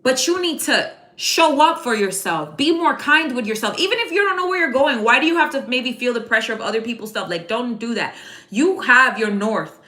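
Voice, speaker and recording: A woman reads tarot cards in a loose, slangy chat and calls out her viewers by name. Her voice sits a bit high and sounds very bright. The room adds a strong echo. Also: expressive, fairly quick. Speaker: tarot card reader. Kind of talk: casual live tarot reading. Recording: echoey room.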